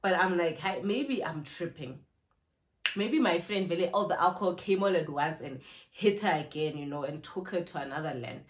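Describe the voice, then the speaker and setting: A young South African woman telling a story in a casual, animated way, acting out what people said. She records on her phone. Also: on the low side, moderate pace. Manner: animated, acts out what people said, mixes in isiZulu slang. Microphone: phone camera.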